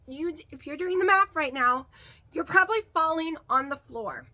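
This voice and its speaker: A woman vlogger chats to her camera in a high, bright voice. She rambles with fillers and repeats words for emphasis. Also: moderate pace. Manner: rambling and chatty, with many fillers. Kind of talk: casual chat to camera.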